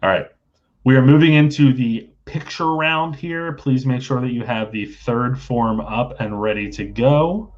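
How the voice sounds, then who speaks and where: Reading trivia questions at a measured pace, this man with a medium-pitched voice runs a casual live quiz stream online, captured on dull audio. He stays easygoing, joking and chatting loosely between questions.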